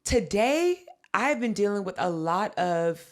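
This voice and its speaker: A woman co-hosting a podcast tells a story in casual, animated chat. Her delivery is profane and punchy, and she acts out the quotes. Her voice sits at an everyday middle pitch. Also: unhurried. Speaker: podcast co-host.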